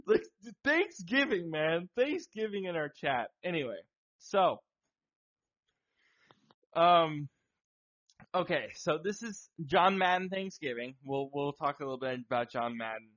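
Podcast co-host, man, excitable and foul-mouthed, higher voice, muffled lo-fi sound. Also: measured pace, pauses often. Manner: excitable, swears, laughs a lot. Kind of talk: casual chat. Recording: dull lo-fi sound.

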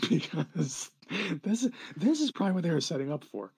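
Rambling, animated podcast co-host. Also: male voice, fairly high pitch, normal speed, vocal fry, breathy edge. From New Jersey. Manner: rambling, animated, lots of fillers and laughter. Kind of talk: casual podcast chat.

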